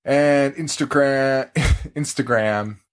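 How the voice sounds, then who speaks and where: A man's voice: medium pitch, takes it slowly, clear, resonant tone. A young adult man hosting a casual podcast, joking and laughing often, with a slight frog in his throat. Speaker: podcast host.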